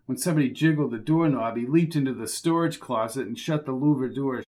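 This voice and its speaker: A man narrating a crime novel as an audiobook, in a steady, measured storytelling manner. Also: medium pitch.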